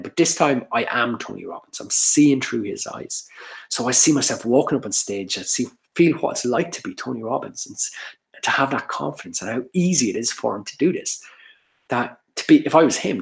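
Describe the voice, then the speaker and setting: A man with a gravelly, mid-pitched voice talks a live audience through ideas step by step. He is earnest and explanatory, often breaking off and restarting his sentences. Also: very animated, moderate pace. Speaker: speaker on social anxiety. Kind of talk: live workshop talk.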